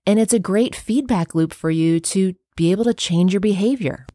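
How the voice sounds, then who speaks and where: A woman's voice: mid-range voice, moderate pace, warm tone, no echo, studio quality. A woman who works in health care, chatting casually as she explains breathing tips to viewers.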